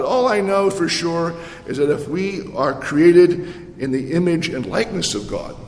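A man's voice: on the high side, animated, unhurried. Man, pastor, conversational sermon, many restarts, rhetorical questions, echoey church. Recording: echoey church hall with long reverb.

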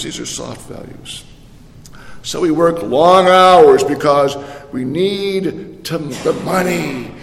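A man preaching a sermon as a pastor, animated and full of rhetorical questions and repetition. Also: a little high. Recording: echoey hall with long reverb.

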